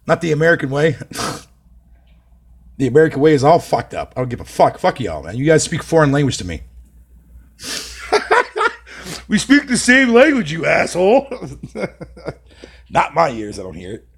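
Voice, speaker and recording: A man's voice: fairly high pitch, sing-song, moderate pace, pauses often, husky. A young man from Canada chatting on a live stream, reading his chat aloud with profane, mocking banter.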